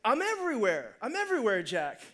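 Give me God speaking calmly and firmly from above, voiced by a man telling a story. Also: very high voice, fairly quick, exaggerated voice.

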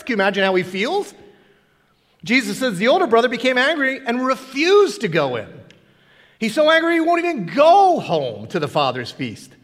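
Male pastor, high and very animated delivery, long church reverb. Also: moderate pace. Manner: animated preaching, acting out characters' lines. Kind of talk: sermon.

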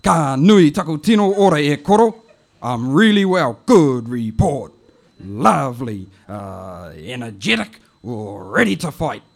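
Man doing a shrill hollering old auntie. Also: big pitch swings, a little slow, gravelly, heavily acted. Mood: boastful. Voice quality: shrill and loud, calling out. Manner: scolding, hollering, laughing at herself. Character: loud teasing elderly Māori auntie, bossy and affectionate. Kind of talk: comic poetry performance.

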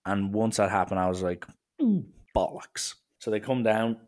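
A man's voice: lowish voice, fairly even intonation, a little fast, darkish tone. A young Irish man telling a rambling, self-mocking story about his school days in a casual way.

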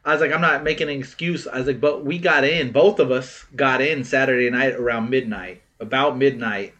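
A man co-hosting a casual podcast, swearing freely and loudly acting out friends' lines as he tells a story. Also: medium pitch, moderate pace, highs cut off. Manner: animated storyteller, acts out quoted friends loudly, laughs, swears. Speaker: podcast co-host. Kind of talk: casual chat.

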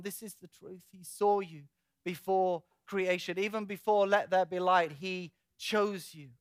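A man preaching a sermon in an animated way, acting out imagined dialogue and letting his loudness swell and drop. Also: sits high, a little slow, clean tone, no echo, studio quality. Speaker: pastor.

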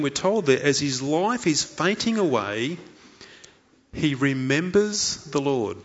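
A man's voice: mid-range voice, fairly bright tone, muffled recording. A man preaching a sermon in an earnest way, asking many rhetorical questions and voicing the thoughts of a story figure. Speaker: pastor.

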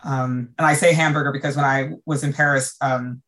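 An American woman, an event designer, chatting casually and telling a vivid story in an animated, emotional way. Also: extremely low pitch, a little fast. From United States. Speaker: event designer, podcast guest. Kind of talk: casual backstage chat.

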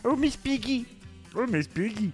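Squeaky cartoon frog, high warbly yelps, giddy. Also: male voice, lively intonation, moderate pace, faint music behind. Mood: giddy yelping.

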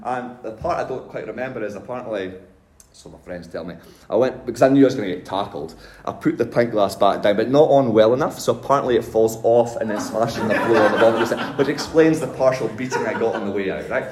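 A pastor telling his own faith story in a sermon, animated and self-mocking, with casual slang. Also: lowish voice, fast talker. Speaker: pastor giving a testimony. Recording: roomy hall echo.

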